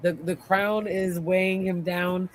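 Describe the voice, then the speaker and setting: A podcast co-host in a casual show recap, retelling scenes with lively acted-out quotes. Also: medium pitch, a little slow. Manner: animated retelling, acts out quotes.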